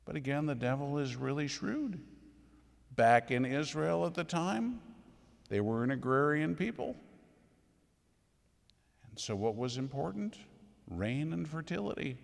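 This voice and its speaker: Man preaching, gravelly voice, lots of rhetorical questions, echoey church hall. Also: on the high side, sing-song, unhurried, pauses often. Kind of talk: sermon. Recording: echoey hall with long reverb.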